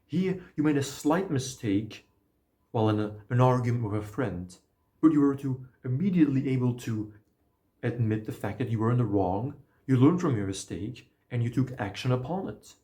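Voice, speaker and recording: A man's voice: mid-range voice, expressive, normal speed, warm tone, natural voice. A man putting on a posh British bank teller. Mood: courteous. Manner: courteous, fancy. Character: polite formal male bank teller.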